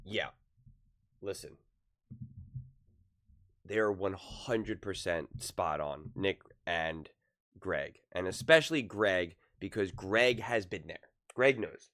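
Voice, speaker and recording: A man's voice: low-pitched, slow, long pauses. A young man giving casual, emphatic sports commentary, often acting out what others say. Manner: animated, emphatic, acts out quoted voices. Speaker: commentator reacting to a sports debate show.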